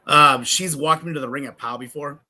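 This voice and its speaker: A man in his thirties, a wrestler guest on a podcast, telling stories in lively casual chat, swearing and laughing often. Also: a little high, a little fast. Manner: animated storyteller, swears a lot, laughs often.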